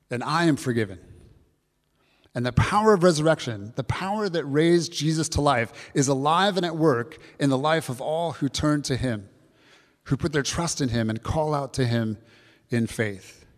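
A pastor with a slightly high voice preaches an earnest Easter sermon, repeating key phrases and speaking to both the kids and the congregation. The sound has a long reverb tail.

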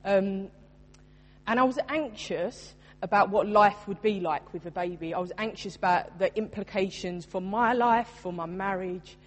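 A woman in her thirties delivers a sermon, earnest and personal, leaning hard on key lines. Her mid-pitched voice carries a long reverb, as if she is speaking in a large church hall. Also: moderate pace. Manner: earnest, personal, emphatic preaching. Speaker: preacher.

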